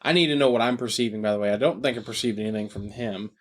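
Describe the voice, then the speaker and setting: A man playing a tabletop game, talking casually and quickly and asking about what his character perceives. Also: on the low side. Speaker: player.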